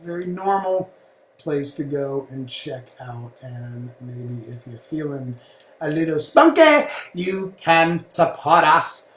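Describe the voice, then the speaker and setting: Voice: medium pitch, very animated, slow, a bit bright, roomy sound, a little hiss or hum. A podcast co-host giving a rambling, casual plug full of fillers, recorded in a bar.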